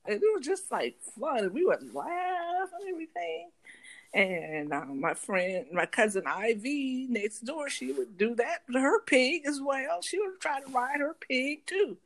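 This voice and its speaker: A woman with a Southern US country accent, co-hosting a podcast and telling a story in lively, casual chat. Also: high voice, unhurried. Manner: animated, acts out voices in her stories. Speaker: podcast co-host.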